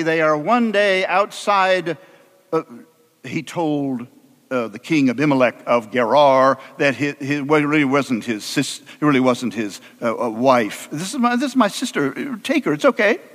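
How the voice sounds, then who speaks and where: A man preaching a sermon as an animated, humorous storyteller with a conversational delivery. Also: fairly high pitch, long reverb tail.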